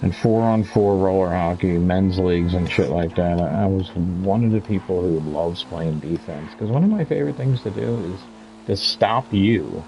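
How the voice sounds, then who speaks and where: A man's voice: low voice, moderate pace, creaky, dark tone, lo-fi sound, slight background noise. A talkative man in his fifties chatting casually over gameplay as a streamer, rambling from story to story and laughing often. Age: 50s. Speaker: gaming streamer.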